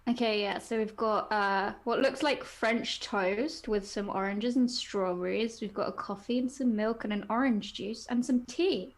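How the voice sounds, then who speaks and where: A woman's voice: mid-range voice, a little slow, hardly any pauses. A woman, co-hosting a fan podcast and chatting casually with a friend. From England. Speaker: podcast co-host. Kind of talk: casual chat.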